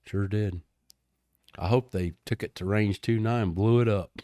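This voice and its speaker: A man's voice: lowish voice, steady tone, a little slow, dark tone, no room sound, clean studio sound. A man, telling stories in a casual interview. He laughs often and drops "man" and "dude" into his talk. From Texas. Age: 60s. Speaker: guest, retired helicopter pilot.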